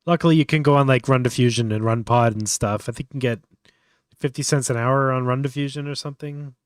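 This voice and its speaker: Male stream host, mid pitch, relaxed running commentary, dry close mic. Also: quick pace, clean tone, no room sound. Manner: thinking aloud, relaxed and offhand. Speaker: livestream host. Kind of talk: casual live tutorial commentary.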